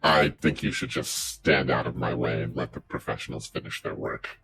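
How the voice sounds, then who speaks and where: A man's voice: extremely low pitch, steady tone, moderate pace, creaky, over music, voice pushed down. A man voicing a masked, armored thief whose voice comes muffled through a voice modulator, curt and menacing. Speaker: game master voicing a villain.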